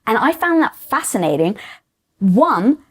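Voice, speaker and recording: A woman hosting an interview, talking in a chatty, animated way full of fillers and quoted self-talk. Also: fairly high pitch, unhurried, breathy edge. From Greek family background. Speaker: podcast host. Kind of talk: conversational interview.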